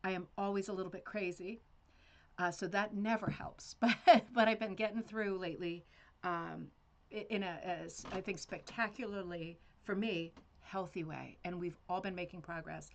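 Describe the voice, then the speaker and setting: A woman's voice: on the low side, steady tone, moderate pace. A woman hosting a rug hooking club livestream, chatting casually and rambling with fillers and laughs.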